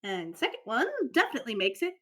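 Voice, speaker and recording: A woman's voice: mid-range voice, sing-song, quick pace, background noise. A woman playing a tabletop game, chatty and eager, checking the rules aloud as she acts. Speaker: player. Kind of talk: casual tabletop play.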